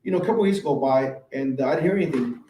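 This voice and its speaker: A man's voice: mid-range voice, very fast, mellow, a little hiss or hum. A man guest on a podcast, a car painter, telling rambling, laid-back stories in casual chat. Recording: roomy echo.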